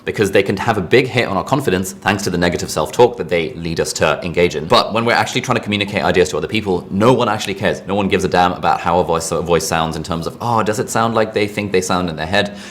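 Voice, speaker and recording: A male online course instructor with a low-pitched, slightly bright voice teaches a lesson quickly with few pauses. His style is casual and chatty, full of rambling asides, fillers, and frequent "like."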